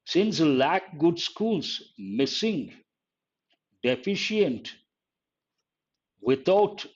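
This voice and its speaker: This English teacher's voice runs on the high side and slightly rough, very animated, with drawn-out words. He teaches grammar in a live exam-prep class, walking through points step by step and repeating key phrases over dull, lo-fi online audio.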